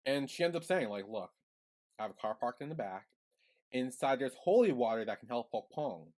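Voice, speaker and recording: A man co-hosting a podcast, recapping the plot in a relaxed way with many "like"s and quoted lines. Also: mid-range voice, normal speed. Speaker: podcast co-host. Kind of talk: casual recap chat.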